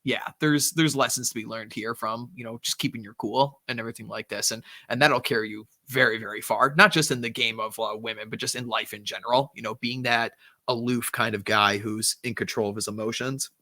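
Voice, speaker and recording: A man hosting a casual podcast, rambling through his points with plenty of fillers and easy laughs. His voice is bright and forceful, at a mid pitch, and the sound is dry and close. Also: steady tone, brisk, no echo. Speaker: podcast host.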